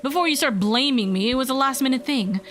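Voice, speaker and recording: A slightly hoarse woman streamer reading the lines of an easygoing woman writer in a game. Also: sits high, quick pace, fairly bright tone. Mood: confiding. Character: adult woman writer, traveling barista-cafe regular, easygoing. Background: faint game music.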